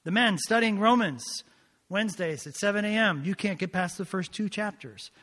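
A man delivers a sermon from the pulpit in a fairly high voice. He is emphatic but conversational, firing off rhetorical questions and slipping in asides. His voice trails off into the long echo of a big hall. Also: normal speed, a bit bright. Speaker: pastor.

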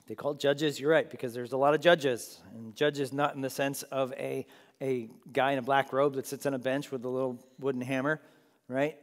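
A man's voice: mid-range voice, little pitch movement, normal speed. Chatty man teaching a Bible class. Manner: chatty, laughs often, asks the room "right?". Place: large room with a group of listeners. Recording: long echo of a large hall.

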